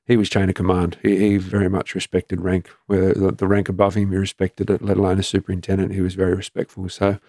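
A middle-aged Australian man speaks in a low, flat voice with a rough, gravelly edge. He tells his story as an interview guest, matter-of-fact and halting. The sound is close and dry. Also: dry recording. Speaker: former police commander, guest.

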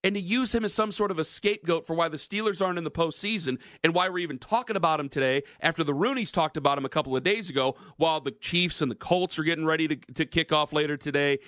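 A man's voice: on the high side, fast talker, hardly any pauses, no room sound, studio quality. A man hosting a sports talk radio show, arguing his points and teasing his co-host. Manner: animated, teasing banter.

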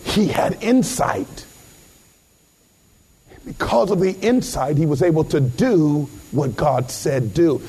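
Male pastor, high and animated, husky and gravelly, fervent, shouting sermon delivery. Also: slow pace. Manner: impassioned preaching, rising to shouts, calls to the congregation.

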